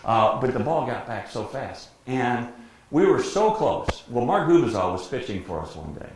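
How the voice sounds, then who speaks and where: A man's voice: mid-range voice, normal speed. Older man spinning stories in an echoey hall. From Detroit, USA. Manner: lively storyteller who acts out quotes and laughs often. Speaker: guest speaker, professional sportscaster. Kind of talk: anecdotal storytelling talk. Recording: very echoey room, faint background noise.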